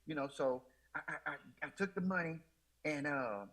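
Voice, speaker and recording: Heard through poor audio, a guest with a fairly bright voice on the high side speaks at a moderate pace. His personal faith testimony comes out emotional and repetitive, shaped by Southern US Black church speech, with frequent self-quotes starting "I said."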